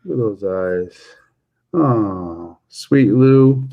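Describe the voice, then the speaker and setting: A man's voice: fairly low pitch, lively intonation, very slow, vocal fry, narrow, tinny audio. A man hosting a casual livestream chat, telling jokey stories and chuckling often. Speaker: livestream host.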